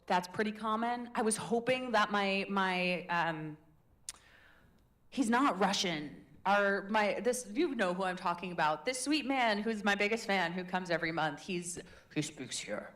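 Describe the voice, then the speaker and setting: A woman's voice: mid-range voice, lively intonation, a little slow, fairly bright tone. A woman leading a live public speaking workshop in a chatty, demonstrative, encouraging way. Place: meetup room in a tech hub.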